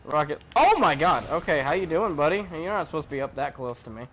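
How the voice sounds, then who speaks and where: A man chatting casually while streaming a game, animated and joking, swearing freely. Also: fairly high pitch, quick pace, slight background noise. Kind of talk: casual gaming chat.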